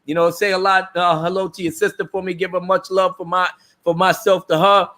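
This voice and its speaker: Loud ranting male livestream host. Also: high voice, flat delivery, fairly quick. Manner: loud, slangy, laughing, stammering restarts. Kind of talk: casual ranting commentary.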